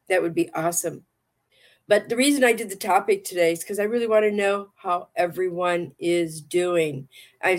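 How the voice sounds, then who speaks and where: A woman hosting a casual livestream chat and reading tarot cards, talking in a rambling, affectionate way and often repeating herself. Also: on the low side. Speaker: livestream talk show host and tarot reader.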